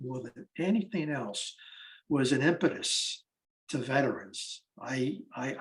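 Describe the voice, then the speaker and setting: Animated eighty-year-old male storyteller. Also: fairly high pitch. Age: 80s. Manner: animated storyteller acting out conversations. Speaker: speaker interviewing war veterans. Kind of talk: storytelling talk.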